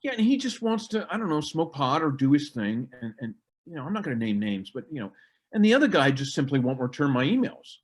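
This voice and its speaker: A middle-aged man, a military historian, talking in a casual podcast conversation with animated delivery and mocking asides. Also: fairly high pitch, fast talker. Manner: animated, mocking impressions of others.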